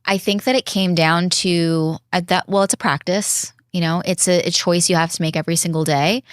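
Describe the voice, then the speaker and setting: Woman, podcast guest, earnest and reflective, lowish voice, dry close sound. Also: steady tone, dry recording. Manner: earnest, reflective, slows down when emphasizing. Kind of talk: casual heartfelt conversation.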